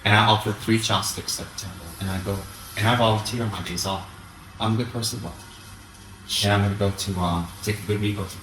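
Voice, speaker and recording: A man giving an animated Dharma talk as a Buddhist teacher, often mocking the voices of his critics. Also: on the low side, fairly quick, roomy sound, over music, low-quality recording.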